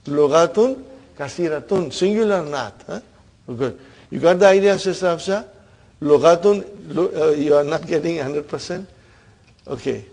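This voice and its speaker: Gravelly man teaching grammar. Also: a little high, moderate pace, darkish tone. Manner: questioning students, frequent "huh?" and laughs. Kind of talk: online class teaching.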